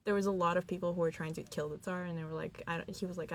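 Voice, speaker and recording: A woman's voice: fairly low pitch, fairly even intonation, very fast, hardly any pauses. A young woman co-hosting a student radio podcast, chatting casually with lots of fillers and giggles. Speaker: podcast co-host.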